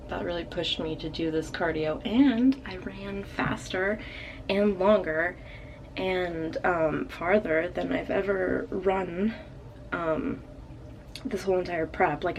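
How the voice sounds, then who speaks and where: Gravelly-voiced teen girl vlogging. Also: fairly low pitch, steady tone, slow, a little hiss or hum. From Canada. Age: late teens. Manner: rambling, filler-heavy, frequent "like" and "um". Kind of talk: casual personal video diary.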